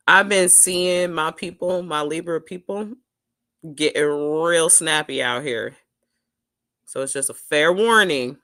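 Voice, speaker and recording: A casual vlog host talks loosely over clips, cursing freely and tossing out joking asides. The voice sits at a middle pitch and sounds close and dry, recorded in a small cramped studio. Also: sharp tone, dry recording. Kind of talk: casual commentary.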